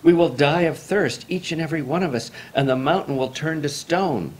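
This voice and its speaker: A man's voice: fairly high pitch, lively intonation, normal speed, pitched above the performer's own voice. A man crying out as desperate villagers. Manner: alarmed, pleading.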